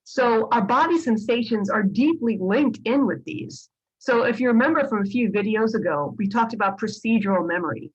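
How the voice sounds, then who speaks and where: A woman's voice: a little high, breathy edge, highs cut off. A woman psychologist teaching a video lesson, explaining patiently and often checking in with "right?" and "okay?". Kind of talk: lecture to camera.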